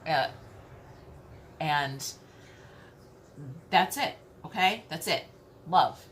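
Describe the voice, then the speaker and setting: A woman with a somewhat low voice teaches about spiritual messages in an emphatic, repetitive way. She checks in with her listeners often and swears casually. Faint background noise sits under her voice. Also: lively intonation, drawn-out words, a bit bright. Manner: emphatic, repeats herself, frequent "okay?" check-ins, swears casually. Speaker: tarot reader.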